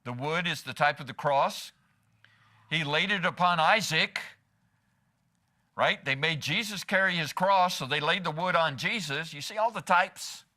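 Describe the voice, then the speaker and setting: A man's voice: on the high side, measured pace, pushed and bright. A man as pastor preaching a sermon in church, asking the congregation rhetorical questions and slipping in humor.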